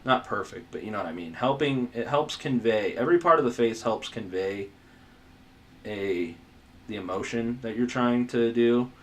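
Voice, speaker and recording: A man's voice: medium pitch, normal speed. A man giving a casual drawing tutorial as he sketches, rambling, muttering asides to himself, self-mocking and swearing now and then. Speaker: art tutor.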